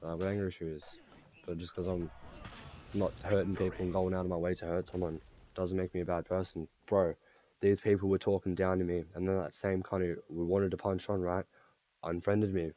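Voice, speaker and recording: A man's voice: deep voice, level tone, a little fast, warm tone, no room sound. A young man with an Australian accent, ranting profanely and rambling while he plays a game. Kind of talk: casual rant while gaming.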